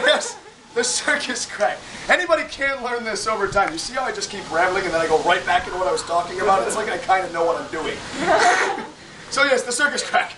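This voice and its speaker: A man's voice: high voice, sing-song, fairly quick. A man performing a whip-cracking act live, rambling and teasing the crowd with jokes. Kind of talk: live comedic stage patter. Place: large hall with a live audience. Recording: echoey, distant, crowd noise.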